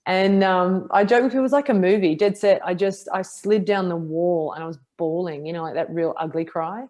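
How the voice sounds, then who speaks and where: Speaking a little fast, a martial artist guesting on a podcast recounts a difficult chapter of her life. This middle-aged woman has a strikingly low voice and is candid and self-mocking, performing the quoted lines of herself and others in a lively retelling.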